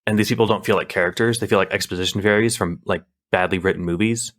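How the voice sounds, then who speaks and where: Speaking fast in a low, steady, fairly bright voice, a man co-hosts a podcast. His casual talk wanders, with plenty of filler words and sentences he starts over.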